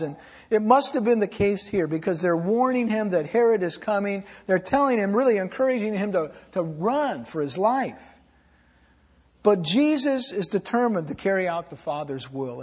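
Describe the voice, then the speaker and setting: A man preaching in an earnest, pleading way, drawing out his key phrases. His voice sits high for a man. The sound rings with the long reverb of a church sanctuary. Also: lively intonation, darkish tone, breathy edge. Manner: earnest, pleading, slows for emphasis. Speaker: pastor. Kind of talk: sermon.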